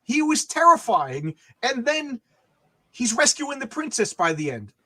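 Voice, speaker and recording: A man's voice: very high voice, sing-song, measured pace, sharp tone. An older man hosting a casual chat, rambling with frequent stammering restarts. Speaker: podcast host.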